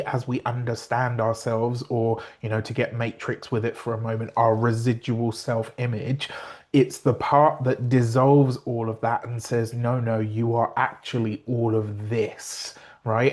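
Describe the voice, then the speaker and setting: A man who reads astrology and tarot, talking in a casual and meandering way, slowing down to stress his points and correcting himself as he goes. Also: medium pitch, a little mellow. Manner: meandering and earnest, slows down to stress points, with fillers and self-corrections. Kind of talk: casual spoken explanation to camera.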